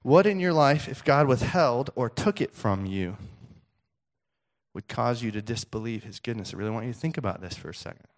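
A male pastor preaching a sermon in a conversational, animated storytelling way, with frequent restarts. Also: mid-range voice, a little fast.

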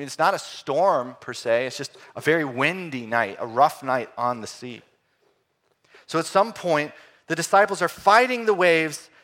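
Male pastor, middle-aged, sermon delivery, animated, voice sits a bit high, swings loud to hushed.

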